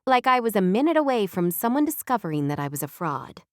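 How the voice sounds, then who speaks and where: A woman voicing a calm, wise female mentor in an audiobook, explaining steadily with a dry, close sound. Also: mid-range voice, quick pace, no room sound, close to an everyday voice. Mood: earnest.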